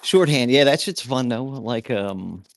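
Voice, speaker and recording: A man's voice: mid-range voice, expressive, a little slow, crowd noise. A man telling a rambling, profanity-filled anecdote in casual chat.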